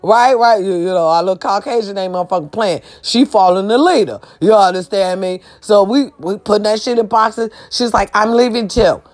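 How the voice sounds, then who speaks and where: A woman's voice: a little fast, hardly any pauses. A woman telling a story to her viewers in a casual rant, swearing a lot and acting out what people said. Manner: profane, loud, dramatic, addresses viewers as y'all; acts out quoted voices with big pitch jumps. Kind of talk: animated storytime rant to camera.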